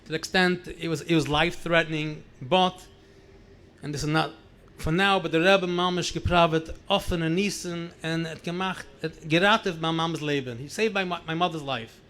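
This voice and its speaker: Animated rabbi, high voice, New York accent. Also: male voice, normal speed. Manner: animated, acts out dialogue, mixes in Yiddish phrases. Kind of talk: storytelling talk at a gathering.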